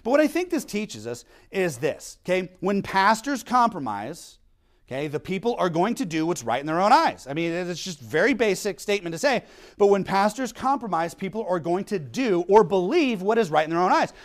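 A man's voice: sits high, sing-song, a little fast. A male pastor preaching a sermon in a blunt, emphatic way, often checking in with "okay?".

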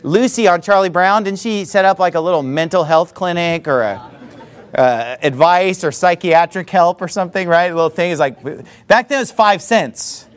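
A man's voice: high voice, normal speed, a faint crowd. A male pastor preaching a sermon in a conversational, storytelling manner, full of frequent asides.

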